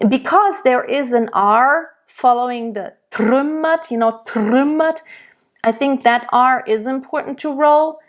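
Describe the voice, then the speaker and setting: Woman German-accented voice coach, fairly high voice, slow and careful, demonstrates sounds. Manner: explains slowly, models pronunciation aloud. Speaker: singing teacher. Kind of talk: diction lesson.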